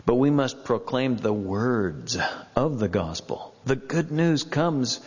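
Slow, emphatic preaching man in a church. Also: medium pitch, expressive, a little mellow, husky, in a large hall, muffled recording. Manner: emphatic preaching with long pauses and rising stresses. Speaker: pastor. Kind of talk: sermon.

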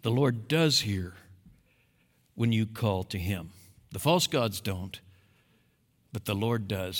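A man preaching a sermon as pastor, emphatic, moving between quiet, low passages and loud, rising exhortation. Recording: long hall reverb.

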